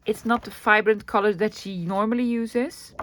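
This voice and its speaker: Excitable woman. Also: medium pitch, normal speed, a little hiss or hum. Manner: chatty and excitable, with fillers and repeats. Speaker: vlogger showing a thrift haul. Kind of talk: casual chat.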